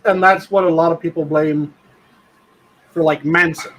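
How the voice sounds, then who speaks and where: A man with a high voice talks in casual podcast chat. He is blunt and swears freely. He explains his points at length. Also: steady tone, normal speed, a bit bright, rough recording. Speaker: podcast co-host.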